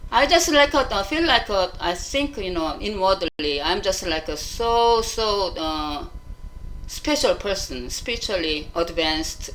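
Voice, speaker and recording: A woman with a bright, forceful voice speaks in a casual monologue. She talks in halting bursts, full of fillers and restarts. She stays frank and emotionally open throughout. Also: on the low side, poor audio. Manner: frank and emotional when retelling. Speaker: vlogger.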